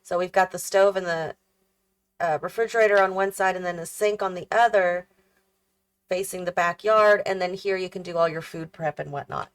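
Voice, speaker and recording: A woman's voice: fairly low pitch, fairly even intonation, normal speed. A tired, yawning woman chatting casually as she builds a house in a game, thinking aloud and questioning her own choices as she goes. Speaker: host of a gaming channel.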